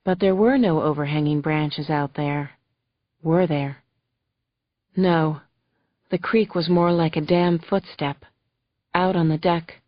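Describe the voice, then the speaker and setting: A woman narrating a thriller audiobook in the first person with gentle, emotional storytelling. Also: deep voice, steady tone, slow pace, long pauses, no echo. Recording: dull lo-fi audio, faint music.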